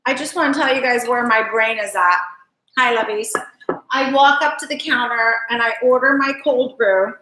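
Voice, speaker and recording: A woman's voice: high voice, pushed and bright, slight background noise. A woman hosting a live cooking stream from her home kitchen, chatting fondly and rambling to her viewers as she works. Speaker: cooking show host. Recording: echoey kitchen.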